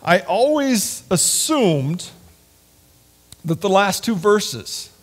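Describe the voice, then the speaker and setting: A man preaching a sermon in an earnest, halting way, often restarting his sentences. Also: high voice, sing-song. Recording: long hall reverb.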